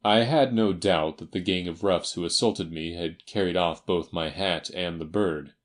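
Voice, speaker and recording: A man voicing a shabby, learned older man who speaks slowly and picks each word with care. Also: sits low, close to an everyday voice. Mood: measured. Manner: slow, staccato, choosing words carefully. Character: large, down-at-heel learned older man, slow and careful.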